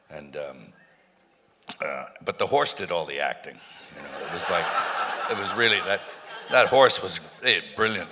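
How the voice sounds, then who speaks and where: A man guest telling rambling anecdotes on stage in front of a live audience, with many restarts and bursts of laughter. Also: sits low. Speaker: interview guest. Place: large hall with a live audience. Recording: stage hall with reverb, faint noise.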